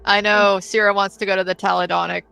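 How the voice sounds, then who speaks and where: Bright gravelly-voiced woman player. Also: medium pitch, flat delivery, fast, faint music behind, rough recording. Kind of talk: casual tabletop game chat.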